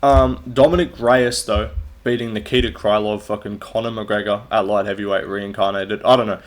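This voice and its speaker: A man's voice: on the low side, fairly even intonation, moderate pace. A young man hosting a casual solo recap of fight results, blunt, profane and mocking. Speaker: MMA commentator and channel host.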